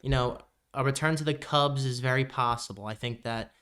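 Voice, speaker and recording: A young male podcast co-host chats casually about baseball, relaxed and a bit rambling with fillers, while he has the hiccups. His voice is medium-pitched, smooth, and a little fast.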